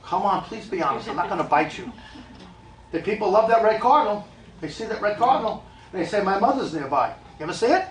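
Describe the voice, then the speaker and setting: A man's voice: high voice, lively intonation, fast talker, a little hiss or hum. A man working as a medium, talking live to an audience in a blunt, emphatic way, repeating his points with joking asides. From United States. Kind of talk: live stage talk to an audience. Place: live event hall. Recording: echoey room, mic from a distance.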